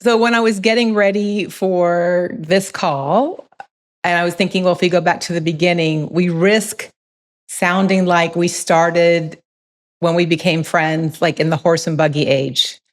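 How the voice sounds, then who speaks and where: A woman's voice: fairly low pitch, steady tone, unhurried. A middle-aged woman hosting a podcast, chatting and reflecting in a casual conversation. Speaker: podcast host.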